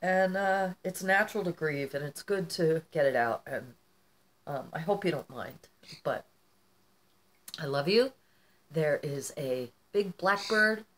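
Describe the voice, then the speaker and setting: Rambling, chatty woman vlogger, lowish voice. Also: lively intonation, unhurried, long pauses. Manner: chatty and rambling, often addressing viewers as "you guys". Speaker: artist vlogger. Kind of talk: casual vlog chat. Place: at home.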